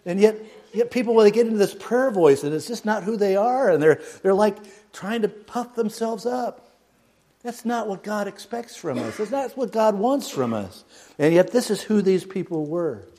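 Man, preacher, sermon delivery, hushed to loud swings, fairly high voice. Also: lively intonation, moderate pace. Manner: dramatic swings from hushed to loud, mocks a pompous prayer voice.

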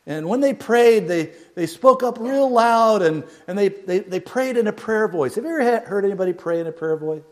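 Preacher with dramatic volume swings. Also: male voice, sits high, animated, normal speed, few pauses. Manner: dramatic swings from hushed to loud, mocks a pompous prayer voice. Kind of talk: sermon.

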